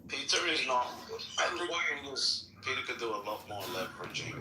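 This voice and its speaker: A man's voice: medium pitch, very animated, brisk, recorded from a distance. A man in a casual podcast chat, blunt and swearing casually. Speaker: podcast co-host. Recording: echoey, off-mic, faint noise.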